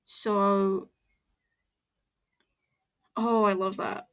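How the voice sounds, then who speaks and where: A woman giving casual reaction commentary, excitable and rambling, full of fillers and exclamations. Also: medium pitch, very slow, clear, resonant tone. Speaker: reaction video host.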